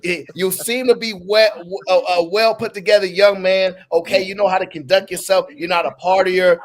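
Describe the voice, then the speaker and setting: Animated high-voiced man debating. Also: normal speed, few pauses. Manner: animated, teasing, emphatic. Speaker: co-host. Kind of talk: heated casual debate.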